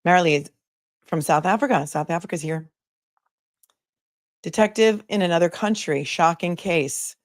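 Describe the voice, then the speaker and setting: A woman's voice: fairly low pitch, normal speed, long pauses, no echo, clean studio sound. A woman attorney hosting a live commentary stream, chatting casually and sarcastically while reading viewer comments aloud.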